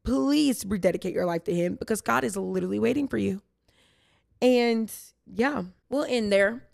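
A young woman hosting a casual faith Q&A podcast, hoarse and raspy from losing her voice, chatty and rambling with tangents, and tired and low on energy. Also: normal speed, darkish tone, dry recording, studio quality. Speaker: podcast host.

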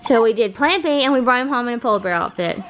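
A woman's voice: on the high side, expressive, quick pace, fairly bright tone, a little hiss or hum, poor audio. A woman, a new mother, chatting casually in a home vlog, tired and affectionate as she talks. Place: home living room.

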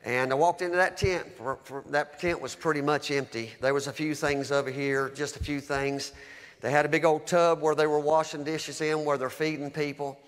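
A man's voice: on the high side, fairly even intonation, moderate pace, a bit bright, big-room sound. A man preaching, telling a heartfelt story as testimony, with a fervent, emotional delivery. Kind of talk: sermon testimony.

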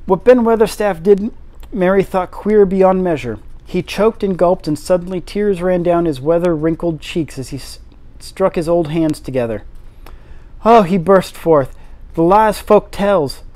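Man reading aloud, fairly high voice. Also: moderate pace. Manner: steady reading with occasional slips and restarts. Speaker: reader. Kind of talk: audiobook reading of a classic novel.

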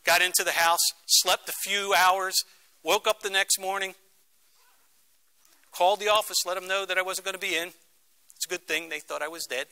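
A man's voice: high-pitched, steady tone, normal speed, long pauses, sharp tone, clean tone. A middle-aged man from Philadelphia, speaking as a guest lecturer to students and telling a story with dramatic emphasis. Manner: dramatic, acts out quoted voices. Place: university lecture room.

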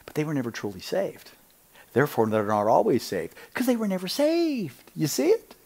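A man preaching with a lively, swooping voice that sits a little high. He presses his points emphatically, keeps checking that his listeners follow him, and sinks to a near-whisper when he wants to stress a line. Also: normal speed, vocal fry. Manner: emphatic, often asks listeners "you see it?". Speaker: Bible teacher. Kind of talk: animated preaching talk.

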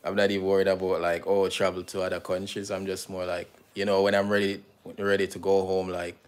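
A man with a Jamaican accent chatting casually as co-host of a live stream, relaxed and full of fillers. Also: deep voice, a little fast. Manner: relaxed, fillers like "you know". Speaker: co-host, partner.

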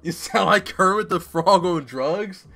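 A man's voice: high-pitched, a bit bright, husky. A man commentating a live game stream, joking and self-mocking in casual street slang. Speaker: gaming streamer.

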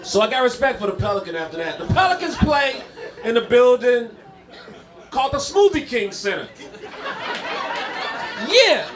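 A man's voice: very high-pitched, normal speed, pauses often, crowd noise. A man performing a stand-up routine, telling stories with punchy, repeated punchlines. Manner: animated storytelling, punchy repeated lines. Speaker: stand-up comedian. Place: comedy club stage. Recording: live club, audience laughter. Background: audience laughter.

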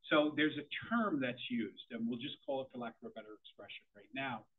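A man's voice: mid-range voice, very animated, brisk, breathy edge. Man presenting to parents over tinny audio. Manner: conversational, repeats words when starting sentences. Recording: tinny phone-like audio of a room talk.

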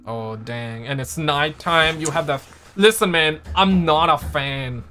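A man's voice: a little high, a little slow, sharp tone, slight background noise. A young man hosting a reaction video, talking casually and exclaiming often in slangy speech. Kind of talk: live reaction commentary.

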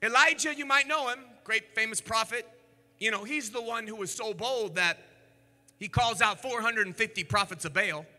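A man preaching an energetic sermon as a pastor, animated, swinging between shouts and hushed storytelling. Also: high-pitched, moderate pace. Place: church sanctuary. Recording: echoey church hall.

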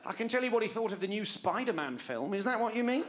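A man's voice: high voice, very animated, fast, a bit bright, a little hiss or hum. A man in his forties doing a stand-up comedy set on a club stage, wry and self-mocking, talking back to the audience. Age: 40s.

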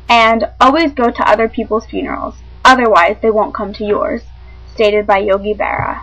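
A woman with a fairly high voice reads out a literature lesson. Her delivery is measured and clear, like a classroom explanation, and she stumbles over a word now and then. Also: a bit bright, lo-fi sound. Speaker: teacher. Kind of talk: reading a lesson script aloud.

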